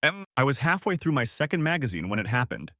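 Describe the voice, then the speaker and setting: A man reading a first-person story aloud in a dramatic, expressive way. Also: medium pitch, quick pace, dry recording, clean studio sound. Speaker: story narrator.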